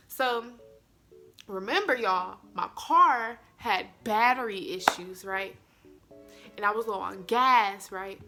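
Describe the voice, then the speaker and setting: Bright-voiced young woman telling a storytime. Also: mid-range voice. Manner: animated, addresses viewers as y'all. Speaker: vlogger. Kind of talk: storytime vlog.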